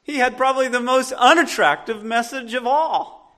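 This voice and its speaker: A man's voice: extremely high pitch, normal speed, sharp tone. A man with a Southern US accent preaching a sermon as a pastor, earnest and emphatic, often restarting his sentences.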